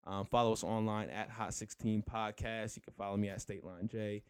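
A man's voice: lowish voice, steady tone, normal speed, smooth, no echo. A young man co-hosting a podcast, chatting in a laid-back, rambling way and laughing easily. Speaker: podcast co-host. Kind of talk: casual chat.

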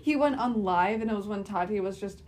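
A woman's voice: medium pitch, brisk, very noisy. A young woman recounting online drama in rambling casual chat full of fillers. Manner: rambling, filler-heavy storytelling. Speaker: podcast co-host.

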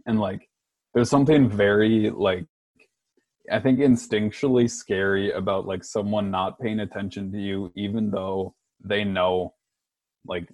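A man's voice: on the low side, steady tone, unhurried, darkish tone, no room sound. A man co-hosting a podcast, talking in a rambling, casual way full of fillers. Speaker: podcast co-host. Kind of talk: casual chat.

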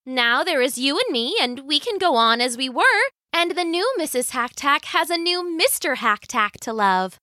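A woman voicing a cheerful, calm middle-aged farmer wife with a sweet, matter-of-fact manner, in a storybook tale. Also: sits high, normal speed, few pauses, no room sound, studio quality. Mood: gentle.

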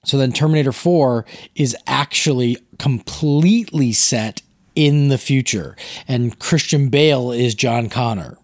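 A man's voice: mid-range voice, measured pace, no echo, studio quality. A man chatting casually about movies, rambling and correcting himself, with many fillers. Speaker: podcast co-host explaining movies. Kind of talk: casual chat.

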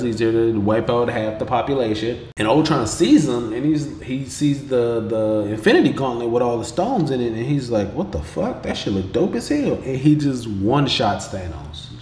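A man's voice: medium pitch, slight background noise. A man hosting a podcast, casually recapping an episode in slangy, profane talk and acting out the characters' lines as he goes. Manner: slangy, profane, animated retelling with quoted voices. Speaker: podcast host. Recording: roomy echo with faint background ambience.

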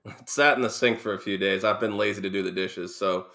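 A man co-hosting a morning sports talk show, relaxed and a bit hesitant, with frequent pauses and "uh". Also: lowish voice. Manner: easygoing, hesitant. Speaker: co-host.

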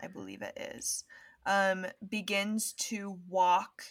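A woman's voice: mid-range voice, takes it slowly, vocal fry. A woman running a tabletop game as game master, narrating loosely with many fillers. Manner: relaxed, filler-heavy narration.

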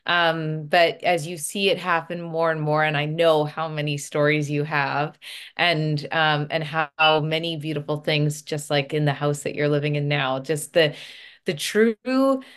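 A woman's voice: deep voice, smooth. A woman hosting an interview, responding in a reflective, supportive way. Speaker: host. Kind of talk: interview conversation.

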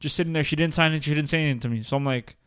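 Smooth-voiced young New man. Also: on the high side, very fast, a bit bright. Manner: frank, profane, exasperated storytelling. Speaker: podcast co-host. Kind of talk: casual chat, storytelling.

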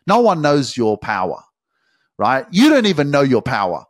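A man's voice: mid-range voice, dry recording, clean studio sound. A man hosting a motivational podcast, talking emphatically and swearing freely as he preaches self-belief. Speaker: podcast host.

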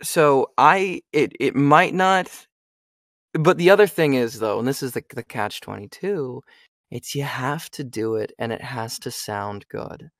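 A young American man talks shop as a voice actor in a relaxed interview. He chats loosely, checks in with the listener over and over, and sits close in a dry, dead-sounding space at an ordinary middle pitch. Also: measured pace, no echo. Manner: chatty, asks "you know what I mean?" a lot. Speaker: voice actor and audiobook narrator. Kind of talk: casual interview chat.

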